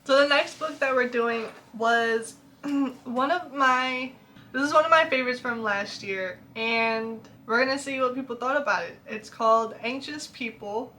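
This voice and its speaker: Young woman, book vlogger; chatty, laughs a lot, bright tense voice with a slightly high pitch, light background hiss. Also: unhurried. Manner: chatty, laughs often, animated. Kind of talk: casual chat reacting to reviews.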